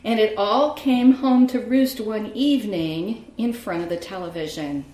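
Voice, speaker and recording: A woman narrating a true story in a measured, grave way, often dropping low at the end of phrases. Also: warm tone. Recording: roomy echo.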